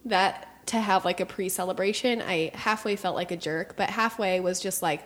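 A woman's voice: mid-range voice, steady tone, normal speed. A young woman co-hosting a podcast, chatting casually and telling a story, acting out quotes and saying "like" often. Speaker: podcast co-host. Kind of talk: casual chat.

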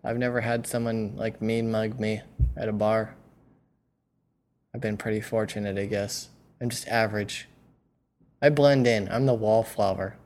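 A woman's voice: rumbling low, fairly even intonation, a little slow, pauses often, a little mellow. A woman co-hosting a podcast, asking questions and teasing the others dryly. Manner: dry teasing, probing questions. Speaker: podcast co-host. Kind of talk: casual chat.

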